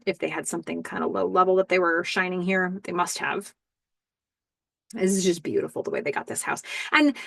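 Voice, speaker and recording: A woman with a lowish voice hosts a podcast, walking through a TV episode scene by scene. She talks casually, describing what happens and reflecting on it. The sound is dry and close to the mic. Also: gravelly, no echo. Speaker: podcast host.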